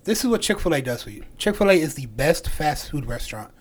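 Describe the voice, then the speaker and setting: A man's voice: fairly high pitch, sing-song, quick pace. A man co-hosting a podcast, chatting casually, laughing often and arguing his point. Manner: laughs often, argues back. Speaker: podcast co-host. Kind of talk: casual chat.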